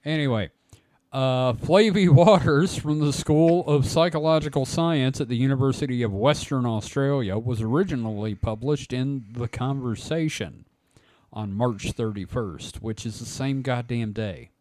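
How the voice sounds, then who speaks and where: A man's voice: mid-range voice, normal speed, darkish tone. A man hosting a casual podcast, joking and laughing often as he reads an article aloud. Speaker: podcast host.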